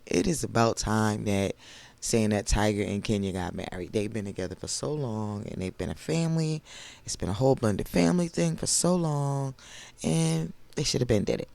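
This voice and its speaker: A man with a hoarse voice that has not fully recovered, recapping a reality TV episode in a chatty, gushing way with lots of asides. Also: fairly low pitch, a little mellow. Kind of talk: casual TV recap commentary.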